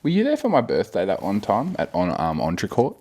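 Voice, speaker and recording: A man's voice: on the low side, wildly swooping pitch, brisk, mellow. A young man co-hosting a podcast, teasing and joking in casual chat. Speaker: podcast co-host.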